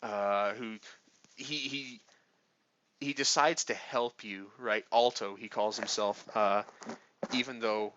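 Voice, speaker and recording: A man's voice: fairly low pitch, fairly even intonation, slow pace, pauses often, pushed and bright, a little hiss or hum. A man rambling through casual game commentary, swearing often and full of fillers and restarts. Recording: dull lo-fi, dry sound.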